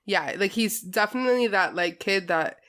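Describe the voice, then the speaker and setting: A woman's voice: mid-range voice, normal speed, a bit bright. A young woman co-hosting a podcast in casual chat, rambling and emotional, laughing often. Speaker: podcast co-host.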